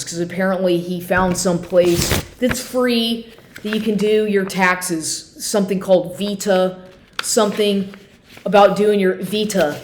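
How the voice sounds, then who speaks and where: A woman telling a story in a casual monologue, rambling, swearing often and sounding exasperated. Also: medium pitch. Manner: profane, rambling, exasperated retelling. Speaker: vlogger. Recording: roomy echo.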